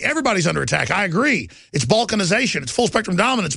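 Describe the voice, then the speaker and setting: A middle-aged man hosting a talk radio show in an impassioned, rambling rush that drops to low asides and climbs back up. His voice is bright and sharp, with a heavy gravelly rasp and a slightly raised pitch. The sound is dry and close. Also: very animated, racing, hardly any pauses, no room sound. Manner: impassioned, rambling, swings between loud and low. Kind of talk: fiery talk radio monologue.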